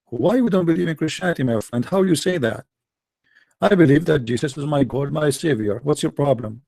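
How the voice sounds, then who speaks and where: Live-stream debate host, male, taunting and emphatic, slightly high voice, dark tone. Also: brisk, creaky, no room sound.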